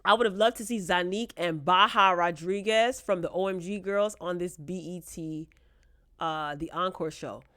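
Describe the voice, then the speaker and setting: A woman's voice: on the low side, moderate pace, fairly bright tone, dry recording, clean studio sound. A woman talking casually and bluntly in a sassy, playfully shady review vlog about a reality show.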